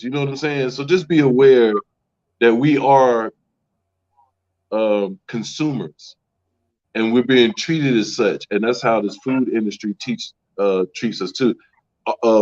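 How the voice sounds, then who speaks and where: Co-host, man with a mid-range voice, lo-fi mic, casual and hesitant, lists fast. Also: mid-range voice, a little mellow. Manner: rapid listing, hesitant with many ums. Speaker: podcast co-host. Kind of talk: casual chat.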